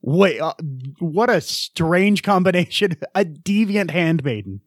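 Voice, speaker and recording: A man co-hosting a podcast in casual chat, jokey and quick to riff on what he hears. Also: high-pitched, animated, no echo, clean studio sound. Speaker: podcast co-host.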